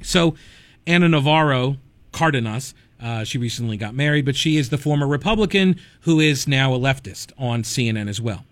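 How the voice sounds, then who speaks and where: A man's voice: fairly high pitch, no echo. A man hosting a talk radio show, giving conversational commentary full of digressions and wry asides.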